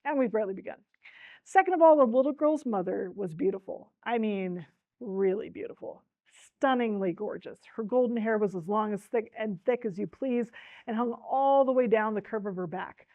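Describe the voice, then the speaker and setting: A woman's voice: medium pitch, moderate pace, dry recording, narrow, tinny audio. A woman presenting a book talk, reading a storybook aloud with expression and speaking directly to her listeners. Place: library talk.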